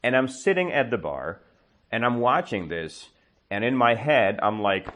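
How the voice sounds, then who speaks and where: A man teaching English, telling a story slowly to a class and checking their understanding with quick questions. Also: medium pitch, big pitch swings, a bit bright. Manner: slow, exaggerated storytelling with comprehension checks. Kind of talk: storytelling lesson with questions to learners.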